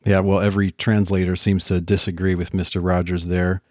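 A man's voice: deep voice, flat delivery, a little fast, no echo, studio quality. A man giving confident, dismissive rebuttals in a formal debate.

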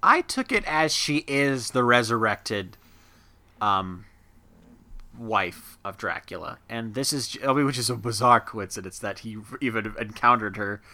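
Guy reviewing a movie with a buddy, voice jumps all over the place, bright and forceful, keeps slipping into goofy little character bits mid-sentence. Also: lowish voice. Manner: animated, jokey, acts out characters in quick asides. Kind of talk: casual movie review chat.

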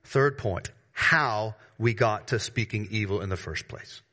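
A man preaching a sermon to his congregation, emphatic, with sudden rises in pitch and volume and casual slangy asides. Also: unhurried, sharp tone. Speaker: pastor.

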